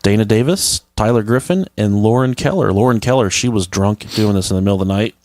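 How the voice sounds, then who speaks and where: A man with a very low voice trades loose, profane jokes as a podcast co-host. His talk is casual and crude. The sound is dry and close, with no room in it. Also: fast talker, a little mellow, dry recording. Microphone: podcast microphone.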